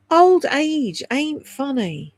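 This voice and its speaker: A woman's voice: high voice, dry recording. A woman in her sixties chatting from home on a livestream, swearing freely, laughing often and rambling candidly. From United Kingdom. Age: 60s. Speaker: livestream host reading chat. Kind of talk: casual chat on a livestream.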